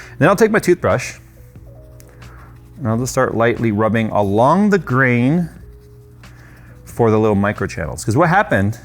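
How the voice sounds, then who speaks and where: There's a fairly low pitch and some vocal fry in the voice of this man in his thirties, a tech YouTuber at his workbench. He walks through a cleaning job as a casual demonstration, loose and talkative, with offhand jokes at his own expense.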